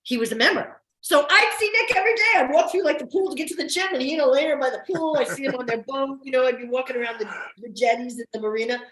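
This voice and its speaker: Older actress with New Jersey accent, fast and chatty, echoey room, casual interview guest. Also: female voice, high-pitched, fairly bright tone. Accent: New York–New Jersey. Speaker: guest, soap opera actress.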